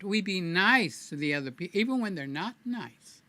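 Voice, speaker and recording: Bright-voiced man rambling on a live stream. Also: high-pitched, expressive, normal speed, hardly any pauses, no echo. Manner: rambling, playful, addresses viewers by name. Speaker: livestream host. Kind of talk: casual live-stream chat.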